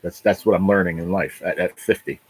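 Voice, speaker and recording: A man's voice: low-pitched, steady tone, fairly quick, husky, rough recording. A man in his late forties, hosting a casual livestream, talking bluntly, swearing a lot and repeating himself. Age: 40s. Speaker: livestream host.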